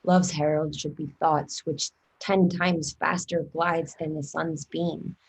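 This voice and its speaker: A woman's voice: low-pitched, level tone, takes it slowly, vocal fry, breathy edge, exaggerated voice. A woman reading the part of an eager young girl in love in a table read of a play, pleading and impatient. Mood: musing.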